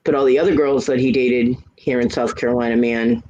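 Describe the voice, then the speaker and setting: A man's voice: mid-range voice, steady tone, fairly quick, a little mellow, highs cut off. A man telling a story in casual chat, frank and blunt, acting out both sides of the arguments he describes. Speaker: hangout host.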